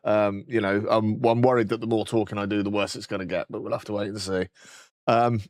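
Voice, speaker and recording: A British man with a hoarse, sore throat, chatting casually on a game stream, swearing freely and clearing his throat often. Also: lowish voice, fairly even intonation, brisk, no room sound, studio quality. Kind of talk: casual live-stream chat.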